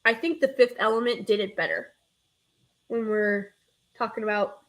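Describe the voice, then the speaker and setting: A woman's voice: on the high side, fairly even intonation, normal speed, fairly bright tone. A young woman with a Northern US accent, hosting a casual live stream, rambling and chatting with her viewers. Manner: rambling, chatty, reads chat aloud, self-interrupting. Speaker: streamer hosting a nostalgia show.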